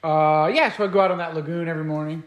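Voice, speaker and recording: A man's voice: a little high, steady tone, rapid-fire, reverberant, highs cut off. A man who is a guest musician, telling stories in a casual interview, rambling along with many fillers and restarts.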